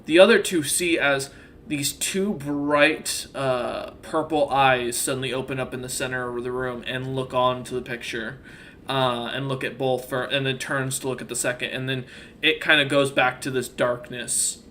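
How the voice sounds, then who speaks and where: A man running a tabletop game, describing the scene in loose, meandering sentences full of restarts. His voice is bright and forward, with a faint hiss of noise underneath. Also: medium pitch, steady tone, moderate pace. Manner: rambling, with many fillers and restarts. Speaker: game master.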